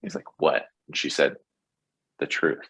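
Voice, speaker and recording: Casting: low-voiced man, podcast guest, bright, husky tone, rambling and eager. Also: fairly even intonation, measured pace. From Texas. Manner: rambling, enthusiastic, lots of fillers. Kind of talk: casual interview chat.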